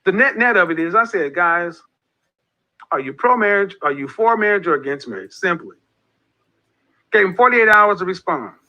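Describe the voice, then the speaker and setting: A man's voice: sits high, sing-song, moderate pace, long pauses, sharp tone. A man giving an impassioned, preachy monologue as an online group leader, repeating his points with emphasis. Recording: dull lo-fi audio.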